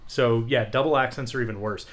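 A young adult man hosting a podcast in a relaxed, rambling way, full of fillers and offhand swearing. His voice sits at an ordinary middle pitch. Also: fairly quick. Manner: rambling, loose, swears casually. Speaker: podcast co-host. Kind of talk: casual chat.

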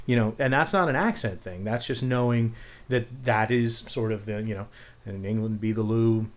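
A man's voice: on the low side, normal speed. A man co-hosting a casual podcast chat about voice acting and accents, talking in a rambling, jokey way.

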